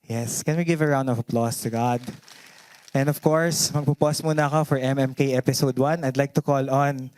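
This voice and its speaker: A man's voice: mid-range voice, fairly even intonation, a little fast, darkish tone. A man finishing his part of a worship talk and calling the next speaker on stage. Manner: invites the crowd to respond. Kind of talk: sermon wrap-up and introduction.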